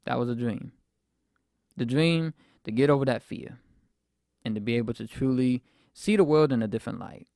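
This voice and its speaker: Young male podcast host, mid-twenties, gravelly, dry close sound, rambling faith testimony. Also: mid-range voice, normal speed, pauses often, a little mellow, no echo. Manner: reflective, rambling with fillers.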